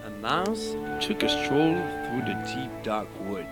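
Male, French accent, playful storybook reading, very animated and unhurried, radio clip with loud music underneath. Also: medium pitch. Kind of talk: reading a children's story aloud.

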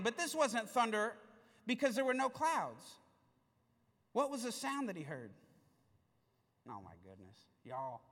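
A man preaching to a congregation, his high voice carrying through a large church hall. He tells the story in a lively, playful way, and the sound is bright with a long echo trailing off. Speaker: pastor. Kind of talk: sermon.

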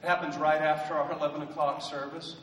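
A male pastor delivers a sermon with a notably high voice, rising into loud, fervent emphasis and slipping in humorous asides. The mic sits some way off, so his words carry a long, roomy echo of a church hall with a faint hum of ambience underneath. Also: level tone, fast. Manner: preachy, builds to loud emphatic bursts. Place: church sanctuary. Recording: echoey hall from a distant mic.

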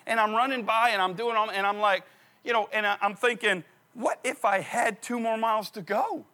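A middle-aged man preaching a sermon, telling stories with animated repetition of key phrases. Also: sits high, normal speed. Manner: animated storytelling, repeats phrases for emphasis. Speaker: pastor.

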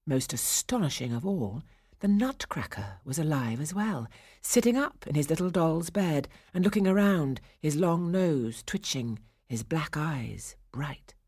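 Husky, low-voiced woman reading a storybook. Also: measured pace, no echo, clean studio sound. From England. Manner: expressive, hushed in quiet passages, rising for drama. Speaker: audiobook narrator. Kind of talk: storybook narration.

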